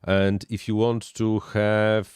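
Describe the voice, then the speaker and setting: A man who is not a native English speaker, hosting a casual live stream and answering viewer questions with halting technical explanations. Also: on the low side, flat delivery, a little mellow, smooth, no room sound, studio quality.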